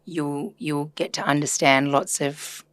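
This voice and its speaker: A woman's voice: sits low, steady tone, a little slow, a bit bright, dry recording. A woman therapist talking earnestly and reflectively in a casual podcast conversation, chatty with filler words. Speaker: systemic therapist guest.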